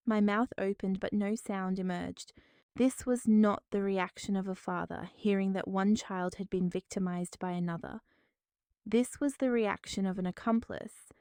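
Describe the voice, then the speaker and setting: A woman's voice: mid-range voice, fairly even intonation, moderate pace, dark tone, clear, resonant tone, no echo, clean studio sound. Woman narrating a tense family drama. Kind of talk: scripted first-person drama narration.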